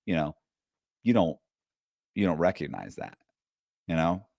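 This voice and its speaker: A man's voice: deep voice, unhurried, vocal fry, dry recording, studio quality. A man telling prison stories in a casual, profane way, acting out the voices of the people he quotes. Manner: profane, animated, acts out the voices of other inmates when quoting them. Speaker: guest. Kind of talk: casual storytelling on a podcast.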